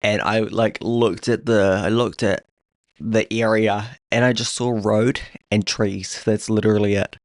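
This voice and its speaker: Male podcast co-host, low voice, deadpan sarcastic joker, dry close sound. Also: measured pace, no room sound. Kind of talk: casual chat.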